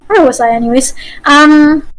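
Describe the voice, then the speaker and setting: A woman's voice: high voice, normal speed, rough recording. A woman game master giving a chatty online voice-acting workshop over a video call. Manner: chatty, with apologies and restarts.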